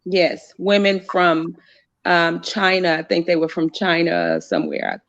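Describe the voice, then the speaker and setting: Slow, hesitant woman caller. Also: fairly low pitch, animated. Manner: hesitant, full of fillers. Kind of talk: casual call-in chat. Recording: dull lo-fi call audio.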